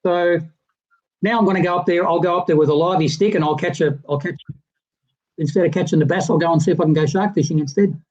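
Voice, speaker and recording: A man spins a long, rambling yarn, restarting his sentences as he goes. His voice sits a little higher than most men's and comes through dull and lo-fi over a video call. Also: fast. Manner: rambling, animated anecdote teller with many restarts. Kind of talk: casual storytelling on a livestream chat.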